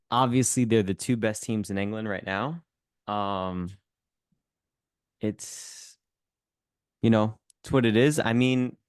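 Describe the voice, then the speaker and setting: A man's voice: lowish voice, clean tone, no room sound, studio quality. A man co-hosting a football podcast, chatting casually and teasing his co-host. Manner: teasing, joking.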